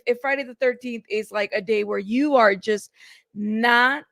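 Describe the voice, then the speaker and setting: A woman's voice: a little high, gravelly, a bit bright, no room sound, studio quality. A woman hosting a casual news livestream, greeting chatters by name in a chatty way. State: out of breath.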